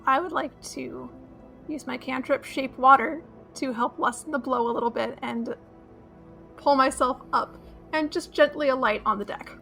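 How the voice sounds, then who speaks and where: A woman player in a tabletop game, calmly declaring what her character does. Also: sits high, normal speed, creaky, soft background music.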